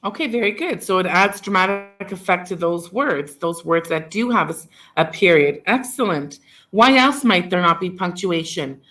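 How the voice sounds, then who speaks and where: Guiding a class discussion on poetry, a woman teacher asks questions, praises the answers and echoes them back to her students. Her voice is fairly low, animated and fairly bright, at normal speed, with soft background music.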